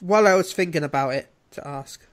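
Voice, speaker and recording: A man's voice: on the high side, brisk. A man, a podcast regular, asking wry questions in casual chat.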